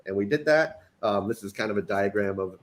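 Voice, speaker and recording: A man's voice: on the low side, a little fast. Easygoing man explaining his project. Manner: easygoing, explains with many ums. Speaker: engineering director and panel guest. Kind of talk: casual pitch on a panel.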